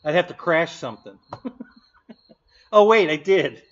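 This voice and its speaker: A man hosts a casual live stream, joking back at his chat and laughing often. His voice rises and falls a lot and sits a little high. The stream audio is dull and lo-fi. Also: expressive, a little slow.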